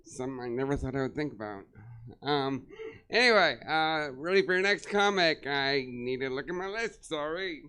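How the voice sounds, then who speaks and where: A man hosts a stand-up night at a comedy club, rambling a bit and sounding flustered between acts. His voice is fairly high, bright and crisp. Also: expressive, moderate pace. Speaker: comedy show host. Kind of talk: emceeing a stand-up show.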